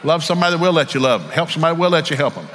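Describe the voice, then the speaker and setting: A man's voice: on the high side, very animated, very fast, fairly bright tone, long reverb tail. A middle-aged man with a Southern American accent, preaching a storytelling sermon in a folksy, candid way and acting out the voices in his stories. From Southern United States.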